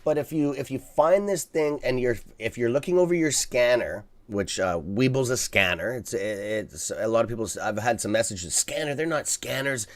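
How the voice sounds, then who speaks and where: A man's voice: medium pitch, moderate pace, hardly any pauses. A man hosting a live stock market stream, talking casually and bluntly to his viewers, swearing freely and checking in with "okay?" as he rambles through restarts. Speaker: livestream stock trading host.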